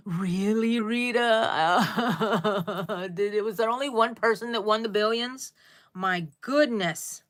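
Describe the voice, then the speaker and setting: A woman's voice: medium pitch, takes it slowly. Chatty middle-aged woman hosting a livestream. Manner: chatty, reads viewer comments aloud and answers them; exclamatory, often calls viewers "people". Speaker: crochet livestream host. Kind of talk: casual live chat with viewers.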